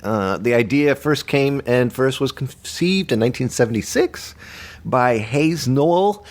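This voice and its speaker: A man's voice: medium pitch, animated, a little slow. Man, mid-range voice, dry jokey host, news-reading chat. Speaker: host of a retro journal show. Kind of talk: comic scripted news chat.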